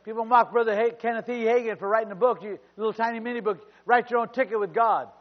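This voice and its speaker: A pastor with a voice that sits high talks fast with a steady tone, preaching and calling out to the congregation. A long reverb tail trails his words, and the church sermon recording sounds dull and lo-fi.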